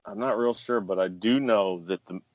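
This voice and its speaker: A man's voice: fairly low pitch, normal speed, slight background noise. A man co-hosting a podcast, rambling and self-mocking in casual chat. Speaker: podcast co-host. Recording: dull lo-fi dry recording.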